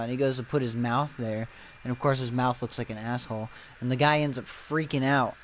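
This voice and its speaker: A man in casual podcast chat, retelling a comic scene and acting out the characters in loud, raised voices. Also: mid-range voice, fairly even intonation, fast, a little hiss or hum. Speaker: podcast co-host.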